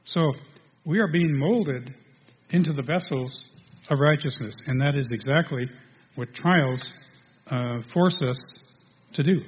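A man preaching a sermon to a congregation, halting, restarting, and filling pauses as he goes. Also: a little high, a little hiss or hum. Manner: halting, with many restarts and fillers. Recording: dull lo-fi sound in a reverberant hall.

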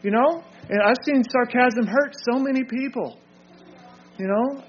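A man's voice: very high voice, unhurried, muffled recording. An older man preaching an informal sermon, earnest, asking questions and answering them himself.

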